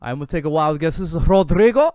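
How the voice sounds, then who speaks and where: Young male host, chatty and joking, slightly high voice, dry close sound. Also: animated, fast, a little mellow, smooth, dry recording. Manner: joking, laughs often, chatty. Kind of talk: casual sports call-in show.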